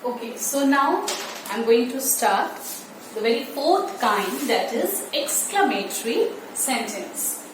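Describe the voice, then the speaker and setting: Woman teacher going over grammar, high voice, far off in a very echoey room, faint noise behind. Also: lively intonation. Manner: slow, repetitive, stretching key words. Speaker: primary school English teacher. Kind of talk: online class lecture.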